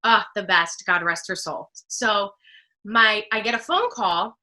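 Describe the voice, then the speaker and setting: A woman from New Jersey, a guest telling an animated personal story, laughing often and acting out what people said. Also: medium pitch, a little slow. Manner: expressive, laughs often, acts out quotes. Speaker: guest, speaker.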